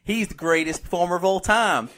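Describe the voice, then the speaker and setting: A man's voice: high voice, little pitch movement, normal speed, sharp tone, clean tone. A man putting on a mock Southern American accent while rambling through a joke argument. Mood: joking.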